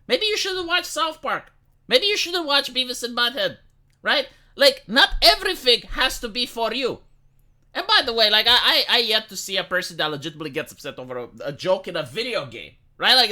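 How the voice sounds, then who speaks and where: Heated man ranting, lively and bright. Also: sits high. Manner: heated, emphatic, swearing, frequent "right?" and "like". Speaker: commentary channel host. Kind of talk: opinionated commentary rant.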